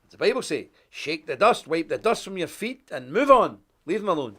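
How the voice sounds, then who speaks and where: A man presenting a live online show, talking in an animated, folksy rant while unwell with a stuffy nose. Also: a little high, brisk, few pauses. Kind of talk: live broadcast chat and rant.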